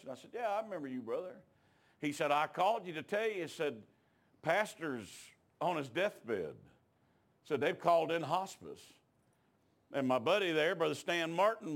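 A man preaching a revival sermon, telling folksy stories and building up to shouts. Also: a little high. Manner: folksy rural talk that rises into shouting. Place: church.

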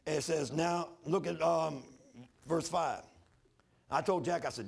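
Gravelly pastor telling stories. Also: male voice, a little high, measured pace. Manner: folksy storytelling with animated retold dialogue. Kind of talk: sermon.

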